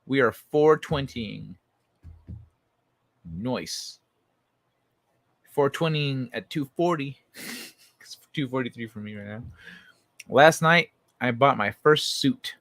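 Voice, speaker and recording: Man, livestream host, casual late-night chat, swears freely, reads chat aloud, mid-pitched voice, dry close sound. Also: slow pace, gravelly, pauses often, no echo. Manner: relaxed, profane, reads chat messages aloud.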